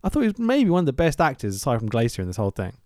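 Animated sweary podcast host. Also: male voice, mid-range voice, racing, dry recording, clean studio sound. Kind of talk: casual chat.

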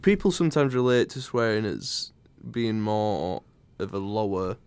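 A man's voice: fairly low pitch, lively intonation, measured pace, a little mellow, smooth. A young man, co-hosting a podcast and teasing his friends. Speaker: podcast co-host. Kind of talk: casual chat.

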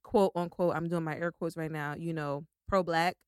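A woman's voice: deep voice, steady tone, moderate pace, smooth, no room sound, clean studio sound. A woman co-hosting a podcast in chatty, rambling casual chat, full of "like" and "you know". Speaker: podcast co-host.

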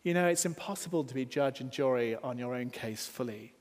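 A man preaching a sermon, earnest, building emphasis with rising lines and then dropping soft. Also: mid-range voice, fairly quick, big-room sound. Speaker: pastor.

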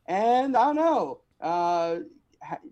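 A man's voice: sits high, sing-song, takes it slowly, highs cut off, noisy background. A man talking playfully as a guest on a casual podcast, laughing often.

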